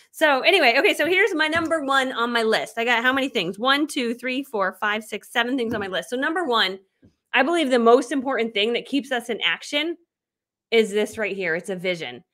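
A woman's voice: a little high, animated, brisk, fairly bright tone. A woman in her thirties, a business coach talking casually on a live video, bubbly and chatty with frequent laughs.

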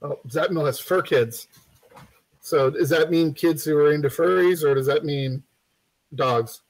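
The recording is rough as a man with a fairly high male voice live-streams a loose game-making tutorial. This game development instructor is chatty and rambling, restarting and using many fillers, and he jokes with the viewers as he goes.

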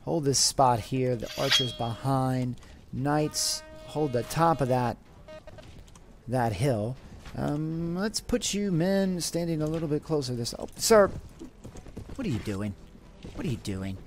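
A man hosting a let's play speaks slowly in a mid-range voice, with faint music in the background. The gaming channel host gets animated and excitable, lightly roleplaying as he comments and commands his troops.

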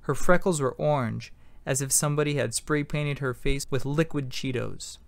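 A man's voice: medium pitch, moderate pace, creaky, no room sound. A man reading a novel aloud in first person, narrating an amateur audiobook in a plain, matter-of-fact way.

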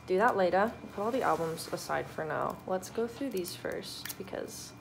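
A woman's voice: lowish voice, normal speed, gravelly, noisy background. Bubbly young woman unboxing albums. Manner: bubbly, excitable, chatty with frequent laughs. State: out of breath. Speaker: vlogger. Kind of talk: casual unboxing vlog. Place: apartment.

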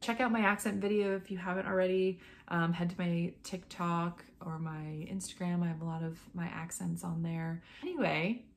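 Chatty woman vlogger, casual to-camera talk, lower pitch, filler-heavy. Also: fairly even intonation, normal speed, hardly any pauses. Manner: chatty, lots of "like" and "um". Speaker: actor and accent mimic.

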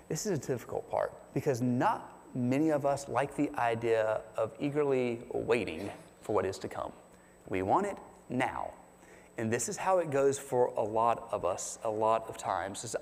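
A man preaching a sermon as pastor, chatty and animated, asking the congregation questions. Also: medium pitch, normal speed. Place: church sanctuary. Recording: long reverb of a large hall.

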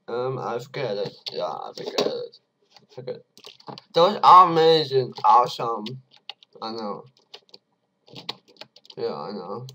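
Excitable young gamer, slow-spoken. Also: male voice, medium pitch, heavy background noise. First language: Dutch. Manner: excitable, swings from shouts to mumbles. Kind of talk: let's play commentary.

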